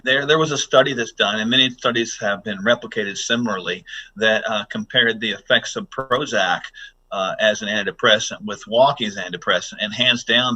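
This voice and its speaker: Bright-voiced man coaching health habits. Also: mid-range voice, breathy edge, poor audio. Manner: earnest, instructive, coaches listeners through exercises. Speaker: health doctor guest. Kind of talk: podcast interview.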